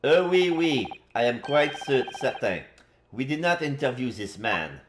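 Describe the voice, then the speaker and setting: A man's voice: medium pitch, sing-song, unhurried, background noise. A man voicing a smug, slippery Italian con man in a pompous put-on manner.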